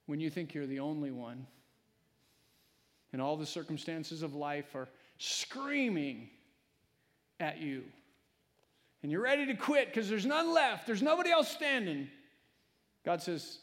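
A male pastor preaching a sermon, swinging between loud, emphatic lines and hushed, quiet ones. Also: a little high, expressive, measured pace, long pauses. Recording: long hall reverb.

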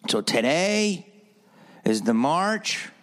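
A man's voice: a little high, big pitch swings, extremely slow, fairly bright tone. A man hosting a solo podcast, rambling through stories with a sarcastic edge. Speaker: podcast host.

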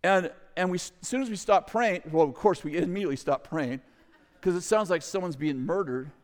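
A middle-aged man telling a story to an audience in a lively way, with loud bursts, acted quotes and chuckling asides. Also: high-pitched, a little fast. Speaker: ministry leader telling a story. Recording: long hall reverb.

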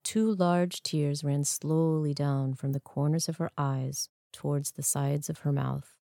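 A woman narrating a story in a measured, even storytelling manner. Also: sits low, creaky, no room sound. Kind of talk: scripted narration. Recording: dry close studio sound.

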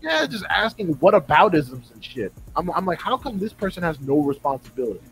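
A man's voice: a little high, sing-song, a little fast, a bit bright, poor audio. A man on a podcast, ranting in a profane, exasperated way and mocking fans in put-on voices. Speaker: podcast co-host. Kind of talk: heated casual podcast rant.

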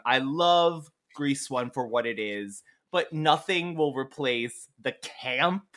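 A man co-hosting a podcast, talking in an animated, giggly way with campy enthusiasm. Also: medium pitch. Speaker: podcast co-host. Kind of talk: casual chat.

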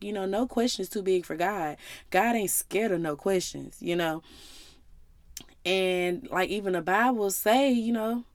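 A woman in her twenties hosting a casual podcast monologue, telling a personal story in an animated, slangy, conversational way and addressing listeners directly. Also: fairly low pitch, no room sound. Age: 20s. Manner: animated storyteller, acts out her own side of talks with God; slangy and conversational, calls listeners y'all and baby. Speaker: podcast host.

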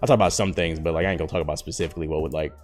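A man's voice: rumbling low, fairly even intonation, racing, soft background music. A man around thirty talking in slangy casual chat as a podcast host, rambling with lots of fillers. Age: 30s.

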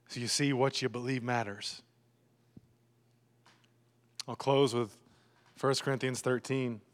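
A male pastor preaching a live sermon in church, joking and asking the congregation rhetorical questions. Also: medium pitch. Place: church sanctuary before a congregation.

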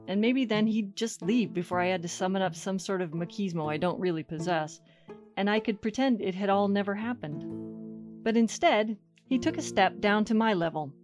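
A woman giving a dramatic reading of a short story in a wry, measured way. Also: medium pitch, a little mellow. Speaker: story reader.

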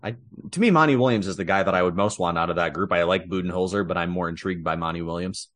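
A man's voice: low-pitched, quick pace, a bit bright, dry recording. A man co-hosting a podcast, chatting casually and with opinions about sports, laughing easily. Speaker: podcast co-host.

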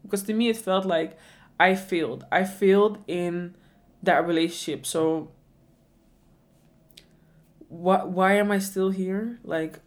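A woman's voice: fairly low pitch, a little mellow. A woman in her twenties telling a personal story in a reflective way, often repeating questions to herself. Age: 20s. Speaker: vlogger.

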